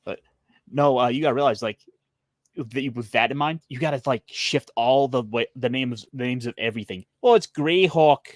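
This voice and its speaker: A man from Michigan co-hosting a casual podcast, excitable and jokey, rambling quickly. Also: mid-range voice, no room sound, clean studio sound. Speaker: podcast co-host. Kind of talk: casual chat.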